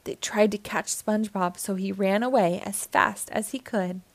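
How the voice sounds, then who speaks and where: A woman narrating a children's storybook aloud, with an expressive, clear delivery. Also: mid-range voice, moderate pace, no echo. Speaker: children's book reader.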